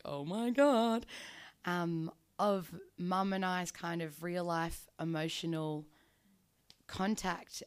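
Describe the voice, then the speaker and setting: A woman tells a personal story off the cuff. Her voice sits a little low for a woman, and she wanders through her thoughts with plenty of ums, likes and restarts. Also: vocal fry. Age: 20s. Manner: rambling, casual, lots of ums and likes.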